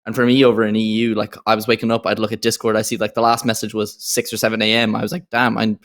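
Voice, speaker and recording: A man co-hosting a casual podcast, chatting in a relaxed way with quick asides. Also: lowish voice. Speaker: podcast co-host.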